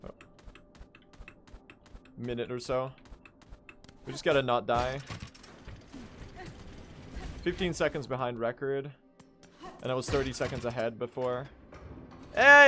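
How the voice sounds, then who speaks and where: A man's voice: mid-range voice, fairly even intonation, unhurried, long pauses, faint music behind. A young man speedrunning on a live stream, casually commentating, swearing and addressing his chat.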